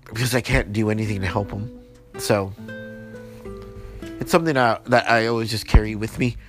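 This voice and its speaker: A man hosting a solo late-night podcast, rambling and frustrated, swearing often and restarting his sentences. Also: on the low side. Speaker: podcast host.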